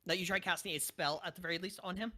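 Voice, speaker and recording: A woman's voice: lowish voice, fairly even intonation, fast talker, bright, forceful tone. A woman acting as dungeon master, narrating a tabletop game over voice chat in a laid-back, chatty way.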